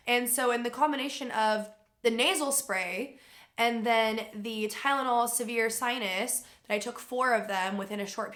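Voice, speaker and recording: A young woman with a fairly high voice tells a personal story straight to camera. She talks casually and with lots of feeling, swears freely and acts out what other people said along the way. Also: pushed and bright. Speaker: vlogger.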